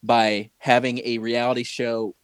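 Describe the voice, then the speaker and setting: A man's voice: medium pitch, flat delivery, measured pace, smooth, no echo. A man co-hosting a casual chat show, talking in long rambling stretches full of restarts and fillers. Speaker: podcast co-host.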